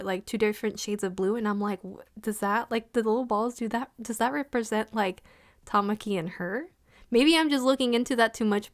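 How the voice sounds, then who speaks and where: A young woman casually reviewing an anime episode, talking excitedly with lots of fillers and bursts of emotion. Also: mid-range voice, dry recording. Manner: gushing, excitable, heavy use of "like".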